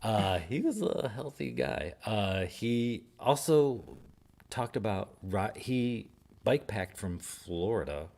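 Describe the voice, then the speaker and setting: A man with a low voice chats casually and tells a story at an unhurried pace. He laughs often, and his pitch rises and falls freely. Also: big pitch swings, darkish tone. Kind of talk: casual chat.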